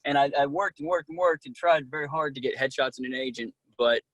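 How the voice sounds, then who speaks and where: A man being interviewed as an actor, telling casual, animated stories and acting out what people said, with many fillers. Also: medium pitch, a little fast, no echo. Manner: animated, acts out quoted dialogue, many "like"s. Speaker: actor guest.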